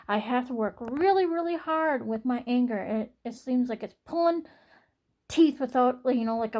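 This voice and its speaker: Young woman vlogger, slightly high voice, halting and repetitive, sighs a lot. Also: darkish tone. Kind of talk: personal vlog monologue.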